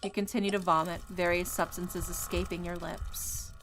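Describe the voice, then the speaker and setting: A woman streaming a horror visual novel, reading its narration in a measured, atmospheric way with casual asides. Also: lowish voice, little pitch movement, fairly bright tone, faint music behind.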